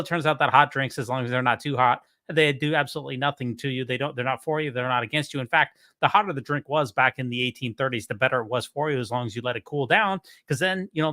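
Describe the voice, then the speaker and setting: A man's voice: mid-range voice, pushed and bright, no room sound, studio quality. A man on a casual video-call panel, explaining his points with emphatic asides. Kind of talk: casual chat.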